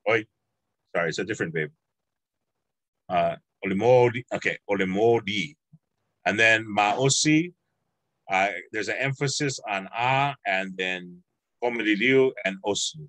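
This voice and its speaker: A man's voice: lowish voice, a little slow, long pauses, fairly bright tone, no room sound, rough recording. A man teaching a language class over a video call, patient and encouraging, drawing out words as he explains.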